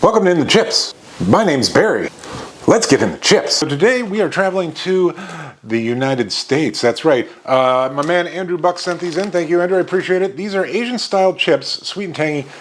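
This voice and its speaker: A man's voice: on the high side, animated, normal speed, a little hiss or hum. A man hosting a snack review show, tasting and describing chips in an upbeat, enthusiastic way with frequent fillers. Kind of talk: casual food review.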